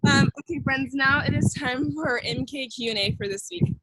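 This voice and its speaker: A woman's voice: high-pitched, normal speed, a bit bright, no echo, rough recording. A young woman teaching a children's church lesson, upbeat and simple, repeating phrases for kids to copy.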